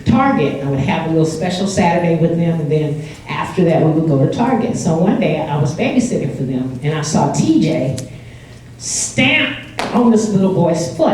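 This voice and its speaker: A woman's voice: low voice, sing-song, normal speed, a little mellow. An older woman from California telling a personal story at a live event, chatty and laughing, acting out the quotes. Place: indoor event hall with audience. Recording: echoey hall, far from mic.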